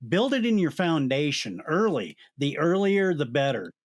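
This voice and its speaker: A man hosting a podcast interview, giving earnest, deliberate advice in conversation. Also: a little high, sing-song. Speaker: podcast host.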